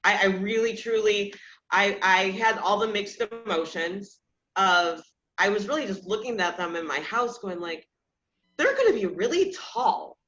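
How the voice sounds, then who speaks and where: Candid woman host, bright lo-fi voice. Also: medium pitch, moderate pace. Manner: candid, self-deprecating, often laughs at herself. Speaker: podcast host. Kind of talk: casual personal storytelling. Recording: slightly dull lo-fi sound.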